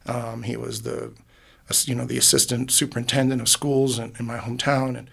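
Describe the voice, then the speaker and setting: Musician guest, male, gravelly, earnest rambling storyteller, podcast booth. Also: mid-range voice, level tone, fairly quick, fairly bright tone. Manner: earnest, rambling storyteller with many restarts and fillers. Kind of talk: casual interview.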